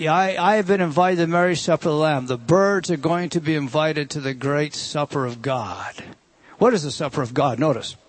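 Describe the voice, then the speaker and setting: A man preaching a verse-by-verse sermon in a conversational, emphatic way, with rhetorical questions and slow, deliberate scripture reading. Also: sits high, dry recording. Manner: reads scripture slowly and deliberately.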